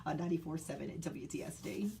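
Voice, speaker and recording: A woman in her thirties hosting a radio show in the studio, chatting casually and telling stories with lively energy. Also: low-pitched, fast, vocal fry, a little hiss or hum. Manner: animated storytelling, laughs often. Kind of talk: casual on-air chat.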